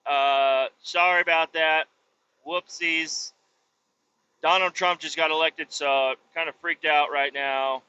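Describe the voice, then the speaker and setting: A man voicing a flustered apologetic clumsy guy, high whiny voice, swearing, lo-fi. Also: steady tone, slow pace, bright, forceful tone, clear, resonant tone. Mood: sheepish.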